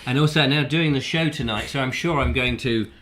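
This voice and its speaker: A man's voice: mid-range voice, fairly quick, fairly bright tone. A man with a lingering cold, hosting a casual live chat show in a rambling, jokey, wry way. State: recovering from a cold. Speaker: show host.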